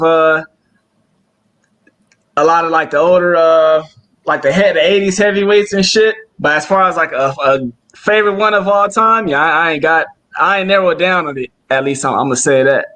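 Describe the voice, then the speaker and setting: A man's voice: fairly high pitch, pushed and bright. A man chatting casually about boxing as co-host, slangy and laid-back with lots of fillers.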